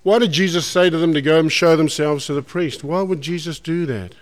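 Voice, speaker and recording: A man preaching a sermon, folksy and animated, putting questions to the congregation. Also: on the high side, a little fast. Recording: long hall reverb.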